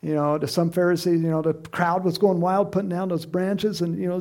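Male pastor, lively sermon delivery, raspy fry in the voice, acts out scenes. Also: high voice, brisk, hardly any pauses. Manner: lively, acts out quoted voices with sudden loud cries and laughs.

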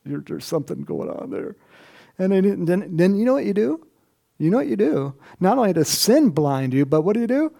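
A pastor with a high-pitched, sing-song, creaky yet mellow voice preaches a little fast. His sermon is casual storytelling, acting out Bible characters in voices and making conversational asides straight to his congregation.

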